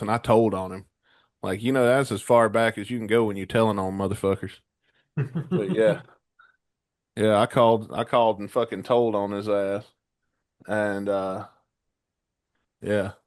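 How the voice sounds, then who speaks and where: Low-voiced man with a cold, hosting a rowdy podcast, profane, dry sound. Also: no room sound. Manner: profane storytelling, stammering restarts. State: sick with a cold. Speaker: podcast co-host. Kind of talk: casual rowdy chat.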